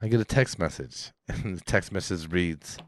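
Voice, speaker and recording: Speaking in a low voice at normal speed, this male podcast co-host rambles through profane stories in casual conversation, performing the quotes as he goes. No echo.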